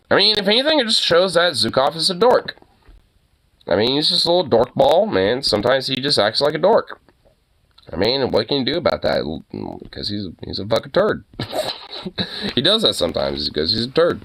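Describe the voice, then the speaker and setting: Casual giggly young man with a lively voice. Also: medium pitch, brisk. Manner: loose, profane and giggly, lots of fillers. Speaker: dog owner vlogger. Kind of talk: casual chat to camera and to his dog.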